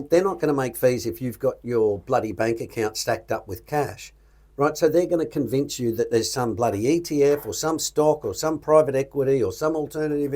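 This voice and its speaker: A middle-aged Australian man chatting on a podcast in a blunt, animated way, with a voice of ordinary middle pitch. He swears offhandedly and leans hard into his points. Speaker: podcast host. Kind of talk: casual podcast chat.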